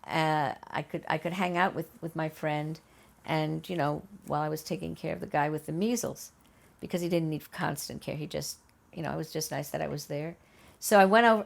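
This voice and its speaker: An older woman, recalling events in an oral history interview at her home, lively and acting out the voices she quotes. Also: fairly low pitch, gravelly. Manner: animated, acts out quoted voices, many restarts. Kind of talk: conversational storytelling.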